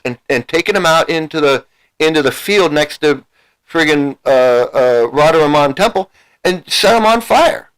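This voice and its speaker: A man's voice: on the high side, sing-song, moderate pace, a bit bright, rough recording. Rambling older man telling a story. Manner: rambling, many restarts and repeats, casual swearing. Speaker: vlogger recounting his past. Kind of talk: casual storytelling commentary.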